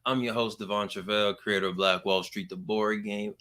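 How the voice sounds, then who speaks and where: A young adult man hosting a podcast, talking in a casual, energetic and playful way. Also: lowish voice, normal speed, few pauses. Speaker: podcast host.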